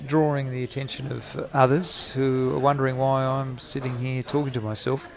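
A man, talking through a solo podcast from a cafe. His voice has a gravelly, creaky edge at a middling pitch. He rambles, jokes and pokes fun at himself as he goes. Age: 40s. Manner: rambling, jokey, self-mocking. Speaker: podcast host.

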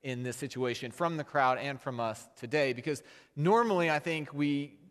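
A man preaching in a church, talking to the congregation in a loose, conversational way. His voice sits at a middle pitch and climbs hard when he makes a point. The sound rings with the long reverb of a large worship hall. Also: moderate pace, a bit bright. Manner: conversational, builds to emphatic peaks. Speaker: pastor. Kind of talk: sermon. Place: church sanctuary.

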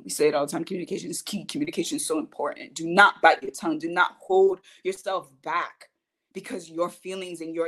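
A woman's voice: fairly low pitch, slightly rough. Emphatic woman podcast host. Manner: earnest, emphatic, swings between soft and loud. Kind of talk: personal motivational talk.

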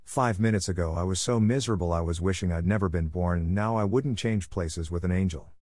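A dramatic, wide-eyed orphan girl, read by a man, gushing and theatrical about every little thing. The voice stays low, with a dry, close storybook sound. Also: brisk, darkish tone, no echo. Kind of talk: audiobook character reading.

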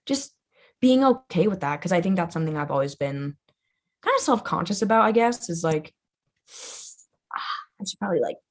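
A young woman speaks as a guest on a podcast, her voice sitting a little on the low side. She talks loosely and casually, with a constant "like" and plenty of swearing. Her manner is loud, playful and bluntly honest. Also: animated, a little fast. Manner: chatty, says "like" constantly, swears freely. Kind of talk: casual conversation.

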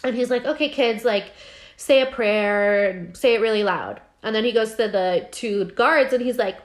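A woman's voice: a little high, normal speed. A woman casually recapping a TV episode as a podcast co-host, talking animatedly with lots of fillers and acting out the characters' lines.

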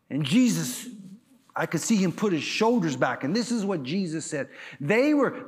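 A male pastor preaching a sermon, emphatic and rousing, asking the crowd questions and rising to shouts. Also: fairly high pitch.

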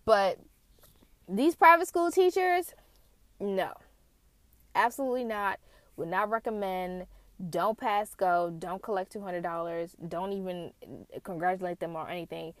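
A woman's voice: lowish voice, fairly even intonation, normal speed, no room sound. A woman from the United States telling personal stories in a casual, candid way, swearing now and then, talking from a car. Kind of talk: casual storytelling.

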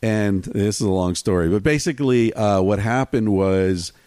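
A man telling a story as a podcast guest, animated and swearing freely, often acting out what people said. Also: lowish voice, moderate pace, no echo, clean studio sound. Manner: animated, swears freely, acts out quoted dialogue. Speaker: podcast guest, travel writer. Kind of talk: casual storytelling chat.

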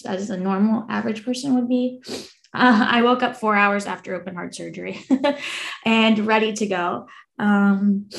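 A woman's voice: mid-range voice, gravelly. A woman in her twenties, a podcast guest, telling a personal story in an earnest way, laughing now and then between lines. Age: 20s. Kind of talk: casual storytelling.

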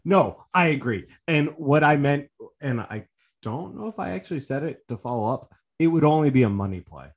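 A man's voice: fairly high pitch, expressive, moderate pace. Sarcastic profane podcast co-host man. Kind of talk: casual chat.

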